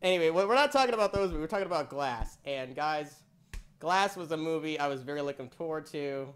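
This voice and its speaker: A man's voice: fairly high pitch, expressive, brisk, smooth. A young man hosting a casual movie review chat, laughing often and joking loosely. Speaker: host.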